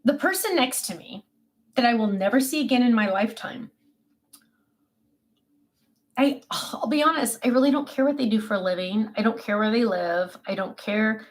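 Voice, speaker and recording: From her home desk, a woman hosts a casual livestream, talking about herself and answering viewer comments in a chatty, self-mocking way. Her voice is a little high and expressive, with a moderate pace and long pauses.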